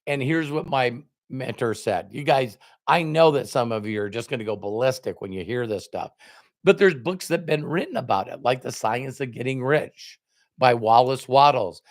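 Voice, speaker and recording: A man's voice: medium pitch, moderate pace. A middle-aged man, a motivational speaker, telling a personal story to an audience and acting out both sides of a conversation. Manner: animated storyteller, acts out both sides of dialogue.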